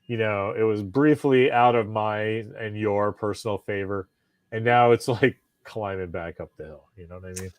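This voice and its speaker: A man co-hosting a casual podcast chat, animated and profane, often laughing. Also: fairly low pitch, moderate pace, no room sound. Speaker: podcast co-host.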